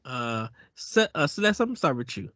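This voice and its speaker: A man's voice: medium pitch, big pitch swings, bright, forceful tone, no room sound, highs cut off. A man hosting a casual podcast discussion, often restarting his sentences and repeating words as he thinks aloud. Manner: halting, repeats words when starting thoughts. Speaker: podcast host.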